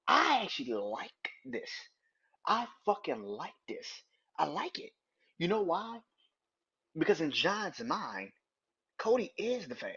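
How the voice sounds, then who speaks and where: A man's voice: fairly high pitch, breathy edge. A man hosting a wrestling podcast, talking casually and with energy, swearing freely and acting out what others said. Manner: animated, swears freely, acts out quotes. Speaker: podcast host. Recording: dull lo-fi recording.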